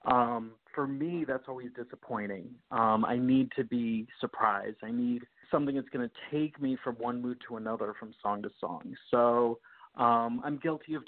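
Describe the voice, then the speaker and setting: Guy musician being interviewed, animated, laughs a lot, tinny phone sound. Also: mid-range voice. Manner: animated, laughing, self-correcting. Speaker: musician guest. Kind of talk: casual interview talk.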